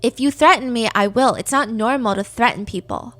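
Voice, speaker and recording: A woman reading out the texts of a calm, hurt young boyfriend, in a patient, pleading way. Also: on the high side, a little fast.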